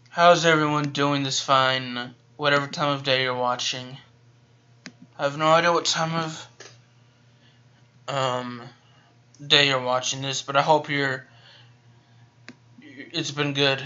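A man's voice: mid-range voice, bright, forceful tone, highs cut off. A man talking casually over gameplay of his video game, a little tired and chatty, rambling with frequent restarts. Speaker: gaming YouTuber.

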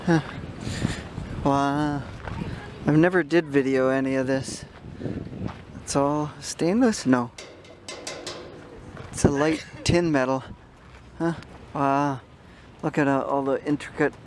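With a darkish, medium-pitched voice and fairly even intonation, an older man takes his time and pauses often. He rambles through casual vlog narration outdoors in a city, handheld camera running, chatty and sidetracked. The recording is noisy.

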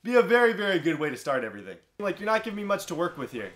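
A man's voice: high-pitched, big pitch swings, rapid-fire, fairly bright tone. Hyped young man commentating his own gameplay. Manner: hyped, talks to himself and viewers, swings from thrilled to dejected. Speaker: gaming YouTuber.

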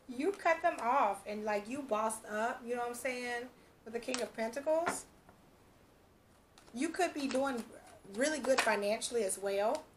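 A woman's voice: on the high side, background noise. Chatty woman giving a tarot reading. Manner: chatty, laughs often, quotes imagined speech. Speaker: tarot reader.

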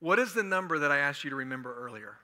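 A man's voice: fairly high pitch, sing-song, quick pace, sharp tone. A man from Houston preaching a sermon as pastor, joking and talking in a loose conversational way. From Houston, Texas. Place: church sanctuary. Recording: long echo of a large church hall.

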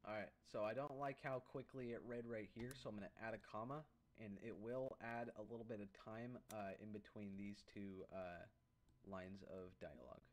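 Casual, halting male tutorial voice. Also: on the low side, fairly even intonation. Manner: casual, halting, with many uh's. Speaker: YouTube creator. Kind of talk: screen-recorded software tutorial.

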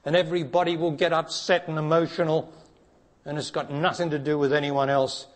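A man giving a spiritual talk to an audience, blunt and challenging, dropping to hushed tones and then rising to emphatic ones. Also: level tone, a little fast. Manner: blunt, challenging, preacher-like, asks direct questions; swings between hushed low passages and raised emphatic ones. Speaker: spiritual teacher.

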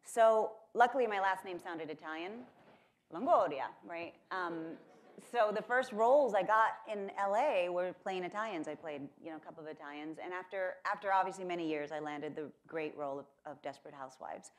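Her voice is on the low side and her pace brisk as she gives a keynote in a lecture hall at a conference. Originally from Corpus Christi, Texas, she tells chatty stories that poke fun at herself, with lots of fillers.

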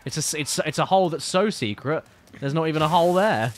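A man's voice: on the high side, expressive, fast talker, slight background noise. Playful man streaming a game. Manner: playful, teasing, chatty. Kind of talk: casual gameplay commentary.

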